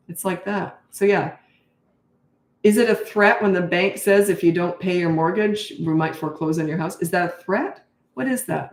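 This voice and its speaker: A woman's voice: mid-range voice, darkish tone. Tired middle-aged woman doing a parenting q&a live, blunt and punchy, kinda echoey room. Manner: blunt, emphatic, acts out her own replies to kids. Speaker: parenting coach. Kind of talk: live Q&A advice talk.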